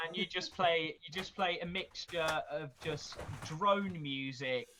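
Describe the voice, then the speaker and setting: A man's voice: fairly high pitch, unhurried, crowd noise. A man co-hosting a casual chat podcast, joking and rambling, swearing freely and laughing often. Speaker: podcast co-host.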